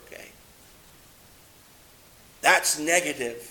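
With a high, bright voice and measured pace, a man preaches a sermon, alternating between loud, lifted exclamations and low, hushed statements while driving each point home hard.

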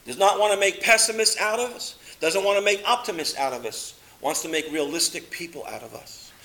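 A man preaching a sermon, swinging between loud, high exclamations and low, quiet statements. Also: fairly quick, gravelly.

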